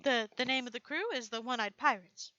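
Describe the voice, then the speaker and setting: A woman's voice: on the high side, fairly quick, pushed and bright, no room sound, highs cut off. A woman playing her character in a tabletop role-playing game, playful and a bit stumbling. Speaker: player.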